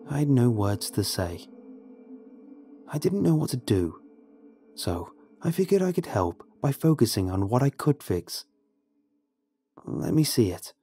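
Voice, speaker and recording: Somber low-voiced man narrating horror. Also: darkish tone. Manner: somber, measured and grave. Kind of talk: first-person horror story narration.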